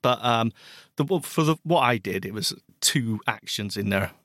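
A man with a West Country English accent, co-hosting a podcast in relaxed, enthusiastic chat about tech, with hesitant fillers. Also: mid-range voice, normal speed, no room sound, studio quality. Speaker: podcast co-host.

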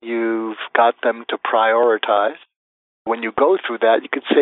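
A man being interviewed as a guest expert, calmly laying out a method step by step and acting out example phrases. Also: medium pitch, normal speed, no echo. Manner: methodical, lists numbered steps, acts out example phrases. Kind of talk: interview answers, explaining step by step. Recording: tinny phone-like line, dry.

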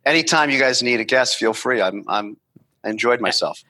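A man with a cold and a slightly nasal voice, thanking the hosts as a podcast guest in a relaxed way. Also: medium pitch, brisk, no echo, poor audio. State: has a cold.

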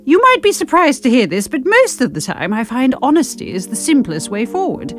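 Woman reading a funny first-person story, wry and a bit defensive, voice bounces around a lot, soft music under it. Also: sits high, brisk. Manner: wry, self-justifying, expressive. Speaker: narrator. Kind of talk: first-person comic audiobook narration.

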